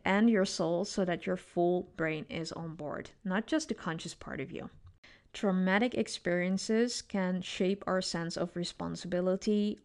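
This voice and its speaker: A woman's voice: on the low side, a little mellow. A woman psychologist hosting a solo podcast, talking expressively in a coaching tone and often adding "right?" to her points.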